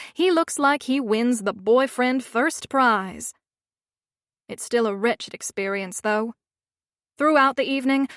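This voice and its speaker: A woman's voice: on the high side, no room sound, clean studio sound. A woman narrating a romance audiobook in the first person, with a wry, sardonic manner.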